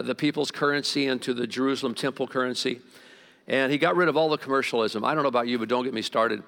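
A man's voice: medium pitch, fairly bright tone. A male pastor delivering a conversational, emphatic sermon with asides to his congregation. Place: church hall. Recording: long reverb of a large hall.

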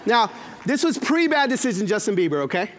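Male pastor, forties, high voice, lively swooping delivery, animated storytelling sermon. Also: brisk. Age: 40s. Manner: animated storytelling with acted-out quotes.

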